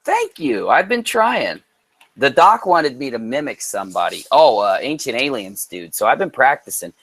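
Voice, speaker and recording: Lively joking male co-host. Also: medium pitch, normal speed, no room sound. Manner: joking, playful, animated storytelling. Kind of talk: casual live-stream chat.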